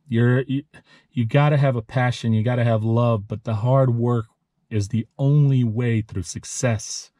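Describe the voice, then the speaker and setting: A man in his thirties shares a heartfelt motivational vlog about hard work and passion. He speaks earnestly and emotionally, halting and restarting as he goes. His voice is low and mellow, and the recording is dry with no room sound. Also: no room sound. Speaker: lawn care business owner and channel host.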